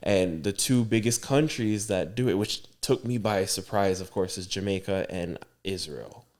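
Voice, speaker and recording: A man's voice: low-pitched, normal speed, darkish tone. A man on a podcast as a guest in casual chat, telling stories in a rambling, filler-heavy way.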